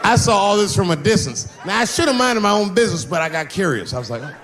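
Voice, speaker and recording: A man performing a stand-up comedy set, telling profane stories with animated energy and acting out the characters. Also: high-pitched, fast talker, music in the background, crowd noise. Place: stage before a live audience.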